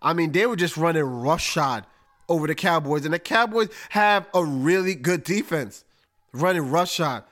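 A man hosting a casual sports talk show, breaking down football matchups in an emphatic, animated way with slang. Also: on the high side, moderate pace. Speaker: podcast host.

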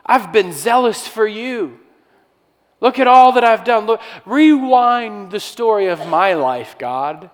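A man's voice: sits high, expressive, takes it slowly, in a large hall, voice pushed up. A man voicing a lonely, self-pitying male prophet who complains in a pleading, insistent voice. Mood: whining. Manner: whiny, pleading, raised and insistent.

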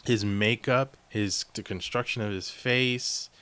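Middle-aged male podcast co-host, low bright voice, dry close sound, loose rambling delivery. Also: takes it slowly, smooth, no room sound. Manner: rambling, animated storytelling with acted-out quotes. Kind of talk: casual chat.

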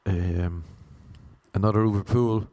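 A young Irish man telling funny anecdotes in a deadpan, sardonic way. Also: fairly low pitch, a little slow, no echo. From Ireland. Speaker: vlogger. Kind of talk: casual storytelling monologue.

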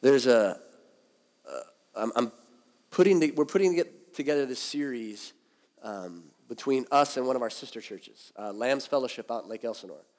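Guy preaching a sermon, chatty and animated, long echo from the hall. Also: medium pitch, moderate pace. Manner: conversational, animated preaching with restarts. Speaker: pastor.

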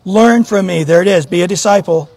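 Earnest high-voiced male pastor. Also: brisk, a little mellow, dry recording. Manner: earnest, questioning, repeats words when starting. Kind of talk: sermon.

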